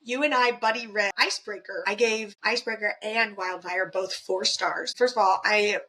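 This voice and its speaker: A woman's voice: medium pitch, normal speed, sharp tone, low-quality recording. A woman co-hosting a book podcast, chatting in a playful, casual way with many fillers. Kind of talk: casual chat.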